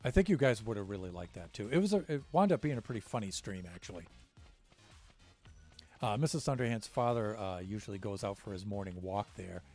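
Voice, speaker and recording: A man's voice: on the low side, lively intonation, brisk, darkish tone, soft background music. An American man casually chatting with his stream viewers, rambling with lots of fillers and restarts. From United States.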